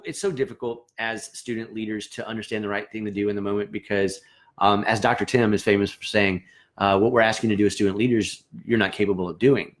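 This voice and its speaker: A man teaching student band leaders in a lively, animated way, often acting out what students might say. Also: lowish voice. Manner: animated, acts out quoted students with voices and laughs. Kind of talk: motivational talk to camera.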